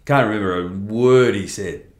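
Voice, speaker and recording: Speaking at a moderate pace with a fairly low pitch, this interview guest is a middle-aged man sharing a frank account of his life. The sound is roomy, and his talk rambles bluntly, full of restarts and a bit of cursing.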